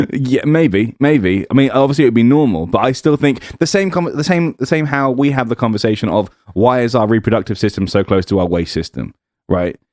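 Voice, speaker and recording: A young man co-hosting a podcast, giggling and reasoning through silly ideas out loud. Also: medium pitch, normal speed, no room sound, clean studio sound. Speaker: podcast co-host. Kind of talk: crude comedic banter.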